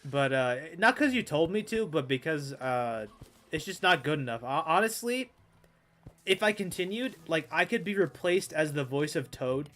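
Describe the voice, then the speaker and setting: Very animated and fairly bright in tone, a man with a slightly high voice talks at a moderate pace while streaming a game. His casual commentary is rambling and stammering, laced with self-deprecating humor and frequent swearing.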